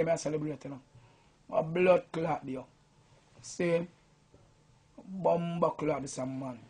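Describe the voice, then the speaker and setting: A man's voice: a little high, breathy edge. A Jamaican man, a sound system selector, drunk and boasting in a rambling, profane rant to the camera.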